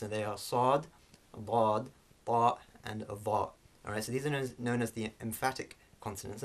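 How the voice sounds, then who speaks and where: A man teaching a language lesson, explaining sounds slowly with frequent fillers and restarts. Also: fairly low pitch.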